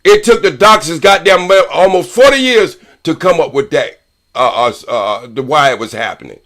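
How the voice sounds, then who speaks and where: An older man on a podcast panel, arguing loudly and profanely and repeating points for emphasis. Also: on the high side, expressive, moderate pace. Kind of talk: heated podcast debate.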